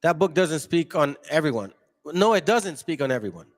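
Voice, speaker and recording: Here the same kind of livestream commentary comes in a sing-song, high-leaning male voice at a normal pace. The channel host reads chat aloud, picking fights with viewers and ridiculing them confrontationally.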